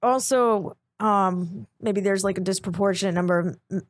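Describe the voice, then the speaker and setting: Woman cohost, average pitch, dry close mic, kinda trails off a lot. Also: moderate pace, no echo. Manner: hesitant, trails off and restarts. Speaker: podcast co-host. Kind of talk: casual comedy podcast chat.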